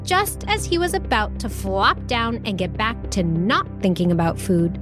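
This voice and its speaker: A woman host reads a children's story aloud at a slow, easy pace, playful and unhurried. Her pitch sits in the middle of the range for women, and faint music plays underneath. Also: big pitch swings.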